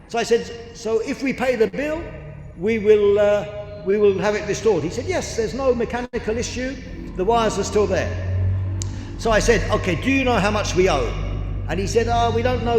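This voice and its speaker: A man's voice: sits high, a little hiss or hum. A man, preaching and telling a story with lots of quoted dialogue. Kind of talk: sermon. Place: large church hall. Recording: echoey church hall with long reverb.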